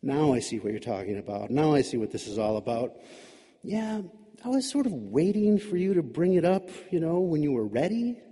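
A mild, bewildered God who speaks softly and rambles in a conciliatory way, voiced by a man in a storybook reading. The voice is dark and husky. A long reverb trails each phrase. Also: fairly high pitch, sing-song, normal speed. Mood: gentle. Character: mild, puzzled, gentle male God.

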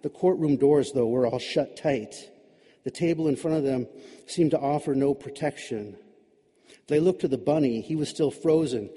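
A man's voice: on the high side, moderate pace, mellow, slightly rough, long reverb tail. A man narrating a story in a wry, dramatic, sardonic manner.

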